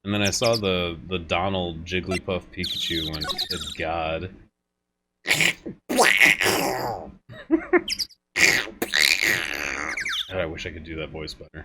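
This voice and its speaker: Lively, joking male streamer. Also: deep voice, drawn-out words, gravelly, pauses often. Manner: joking, laughs often, talks to chat. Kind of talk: casual gameplay commentary. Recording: game music loud in the background.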